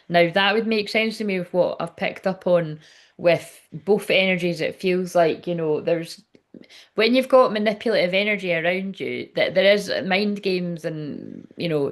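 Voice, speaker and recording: A woman giving a casual spoken tarot reading, chatty and rambling, with frequent swearing and lots of filler words. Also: on the low side. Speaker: tarot reader.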